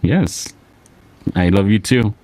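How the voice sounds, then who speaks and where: Easygoing South Texas host with twang. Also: male voice, fairly low pitch, lively intonation, slow. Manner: easygoing, reads out viewer shout-outs with a slight twang. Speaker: show host. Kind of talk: casual live show chat.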